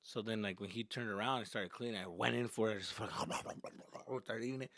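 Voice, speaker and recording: A man who is a comedian and podcast host, telling stories in an animated, profane, casual way. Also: fairly low pitch, fairly quick, no echo, studio quality. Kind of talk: comic storytelling.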